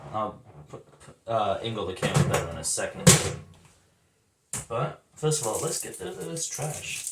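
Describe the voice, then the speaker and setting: Laid-back dude chatting thru a cooking vlog, slangy n rambly, roomy kitchen echo, bit of hiss. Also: male voice, medium pitch. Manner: rambling, slangy and self-amused. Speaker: cooking vlogger. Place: home kitchen. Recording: echoey room, faint noise.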